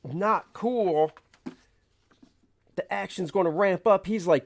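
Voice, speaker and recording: A man's voice: high voice, takes it slowly, creaky, pauses often. A man, a comic artist, chatting casually on a livestream, rambling, reading viewer questions aloud and acting out his panels. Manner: rambling, reads chat aloud, acts out panels.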